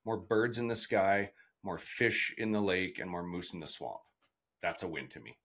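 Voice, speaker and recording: A man hosting an interview, speaking in a measured, deliberate way and readily affirming his guest. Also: deep voice, lively intonation, a bit bright. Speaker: host. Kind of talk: interview conversation.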